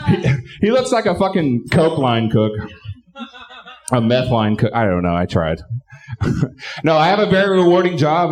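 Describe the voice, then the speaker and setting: A man doing a live stand-up set and hosting, bantering crudely with the crowd and shouting his punchlines. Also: on the high side. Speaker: stand-up comedian and show host. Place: live comedy club stage.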